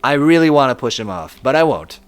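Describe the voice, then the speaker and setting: A man's voice: mid-range voice, very animated, a little fast. A young man streaming a game and chatting with his viewers, talking casually, self-deprecating and laughing often. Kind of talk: casual live-stream chat, reading chat aloud.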